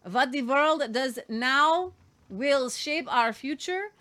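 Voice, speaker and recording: A woman's voice: sits high, expressive, takes it slowly, bright, forceful tone, heavily acted. A woman putting on a mocking "bad guy" accent to play a sinister middle-aged woman politician.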